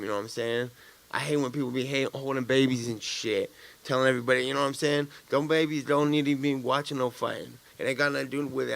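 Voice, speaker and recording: A man's voice: mid-range voice, creaky, a bit bright. A man, a fighter at a press conference after his fight, answering questions bluntly and profanely, rambling with many fillers.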